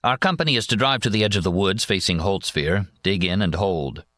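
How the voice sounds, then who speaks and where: A man narrating a first-person war memoir in a measured, plain reading voice. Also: low-pitched, a bit bright, no echo, clean studio sound. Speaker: audiobook narrator.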